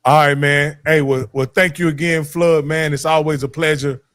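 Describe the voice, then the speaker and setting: Easygoing man hosting sports talk, slightly high voice, dry close sound. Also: fairly even intonation, moderate pace, a bit bright, no room sound. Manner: easygoing, addresses viewers directly. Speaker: show host.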